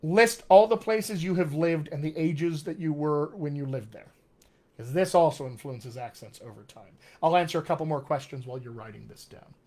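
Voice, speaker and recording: A man's voice: on the high side, normal speed, mellow. A middle-aged man, a dialect coach, teaching in a live online question-and-answer session, upbeat and encouraging as he speaks straight to his viewers.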